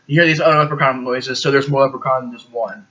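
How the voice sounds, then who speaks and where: A man's voice: medium pitch, steady tone, fast talker, fairly bright tone, lo-fi sound. A man giving a casual, rambling movie review, emphatic and full of fillers.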